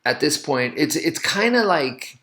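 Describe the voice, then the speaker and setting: A man's voice: fairly high pitch, very animated, a little slow, bright, forceful tone. A man casually telling a story to camera, rambling and correcting himself often with lots of "you know" asides. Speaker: martial arts instructor.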